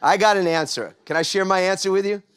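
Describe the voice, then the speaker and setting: A man's voice: sits high, fast, fairly bright tone, smooth, a faint crowd. A middle-aged man from New York giving a motivational conference talk on a large stage, drawing the audience in with call-and-response questions. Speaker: keynote speaker.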